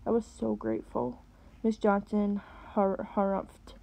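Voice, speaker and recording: A woman, a teacher, reading a novel aloud and pausing to explain words. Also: medium pitch, little pitch movement, creaky, mellow, low-quality recording.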